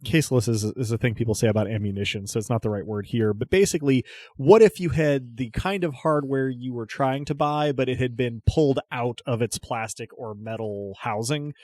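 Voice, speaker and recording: A man's voice: medium pitch, a little fast, darkish tone, no echo, studio quality. A man narrating a tabletop game as game master, chatty and often restarting his descriptions.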